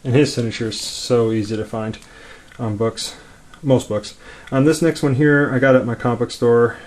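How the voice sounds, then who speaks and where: A man casually showing his collection, rambling along quickly with lots of fillers. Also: medium pitch, fairly even intonation. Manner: rambling, laid-back, many fillers; talks quickly. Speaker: comic collector vlogger. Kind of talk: casual show-and-tell.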